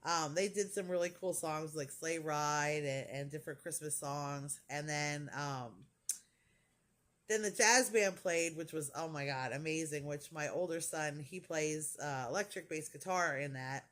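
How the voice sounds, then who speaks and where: A woman's voice: deep voice, measured pace, a bit bright. A woman in her forties telling a rambling, gushing story in casual vlog chat, full of fillers. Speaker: crafting vlogger.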